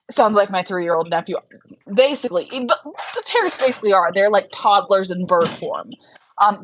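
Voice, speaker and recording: Her voice is medium-pitched, and the rough recording carries slight background noise. She's a tired livestream host chatting casually, rambling, laughing often mid-sentence, and trailing off while she works on her screen.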